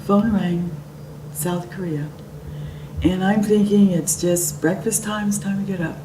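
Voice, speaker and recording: With a mid-range voice, steady tone, and moderate pace, a middle-aged woman shares a personal story and brings the quotes to life by acting them out. The sound is noisy, roomy, and far from the mic.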